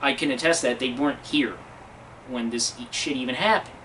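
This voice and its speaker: Angry man ranting to camera, heavy swearing, sharp bright tone, sits back from the mic. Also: mid-range voice, a little fast, far from the mic, a little hiss or hum, low-quality recording. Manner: aggressive, swearing, mocking. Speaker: vlogger. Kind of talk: profane angry rant.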